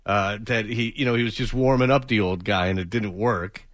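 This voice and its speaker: A man's voice: on the low side, steady tone, moderate pace, no room sound, clean studio sound. A man co-hosting sports talk radio, rambling with lots of fillers and restarts. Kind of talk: casual morning sports talk. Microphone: studio mic.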